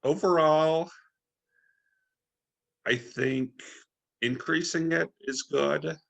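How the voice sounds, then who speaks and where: A man, a guest on a casual podcast, giving his opinion in a measured, thoughtful way. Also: fairly high pitch, steady tone, vocal fry, fairly bright tone. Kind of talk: casual chat.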